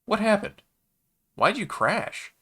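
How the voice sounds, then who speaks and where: Man doing a nervous young scavenger kid, way higher, bright and curt. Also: very animated, slow, breathy edge, heavily acted. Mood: tense. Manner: curt, nervous, few words. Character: young male desert scavenger, shy, curt.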